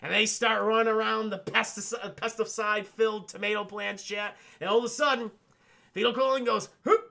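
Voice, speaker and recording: Brief: male streamer, high, bright tone, rambling and profane, chatting with viewers. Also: creaky. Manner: rambling, profane, animated retelling with quick asides to chat. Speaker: streamer reviewing a film with chat. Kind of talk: casual livestream chat.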